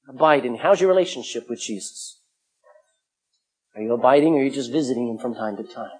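A middle-aged male pastor preaching a sermon, emphatic, swinging from loud calls to hushed asides. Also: on the high side, breathy edge.

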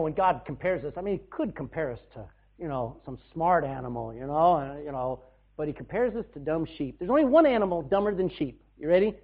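Folksy preacher guy, loud then quiet, kinda high voice, sounds like a cheap phone recording. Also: husky. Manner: folksy, rising to loud bursts and dropping to soft asides. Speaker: pastor. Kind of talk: sermon. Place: church. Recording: tinny, phone-like band.

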